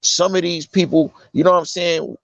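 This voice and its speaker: An incarcerated guest from California talks casually but with earnest insistence, full of loose street slang and fillers like "you know what I'm saying." His voice is fairly high and creaky at a normal speed, on a dry, dull lo-fi recording.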